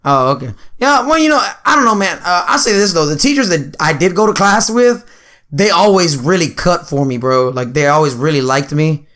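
A young man chats in a slightly high, bright voice. He sounds laid-back, laughs often and curses casually. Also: lively intonation, fairly quick. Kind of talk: casual chat.

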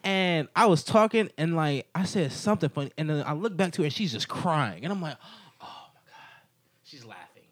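Rambling young man with a lively voice. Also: on the high side, a little fast, few pauses, no room sound, clean studio sound. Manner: rambling storyteller, heavy on filler words. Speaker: podcast host. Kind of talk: casual chat.

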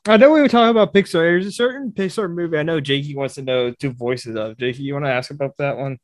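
A man's voice: fairly high pitch, fast talker, dry recording, clean studio sound. A man co-hosting an interview, reacting with enthusiasm and steering the conversation. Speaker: co-host.

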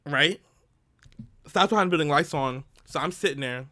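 A man co-hosting a podcast, telling a story in casual chat, laughing often and acting out what people said. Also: fairly high pitch. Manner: animated, laughs often, acts out quotes. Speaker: podcast co-host.

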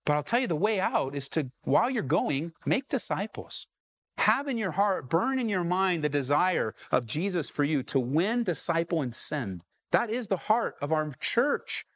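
Pastor guy preaching in church, kinda high voice, dry close sound, keeps asking the room stuff. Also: lively intonation, normal speed, few pauses, a bit bright, no echo. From Southern California. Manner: preaching with rising calls to the congregation. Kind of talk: sermon.

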